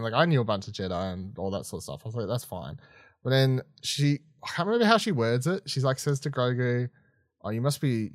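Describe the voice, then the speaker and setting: A man's voice: medium pitch, dry recording. A man chatting through an episode review as a podcast co-host, exasperated and swearing between bursts of laughter. His voice rises and falls a lot as he rants. It sounds dry and close, with no room around it. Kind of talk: casual review chat.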